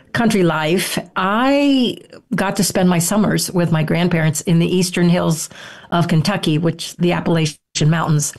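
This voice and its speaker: An older woman, a guest herbalist, telling stories in a relaxed interview, rambling with frequent restarts. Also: fairly low pitch. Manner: warm, rambling, with frequent self-restarts and "you know". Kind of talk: casual storytelling interview answer.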